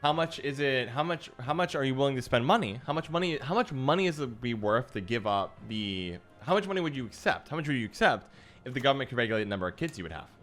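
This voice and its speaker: A man's voice: medium pitch, animated, quick pace, a bit bright, faint music behind. A man livestreaming a card game, chatting casually with his viewers in a musing, self-deprecating way. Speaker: streamer. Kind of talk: casual livestream chat while gaming.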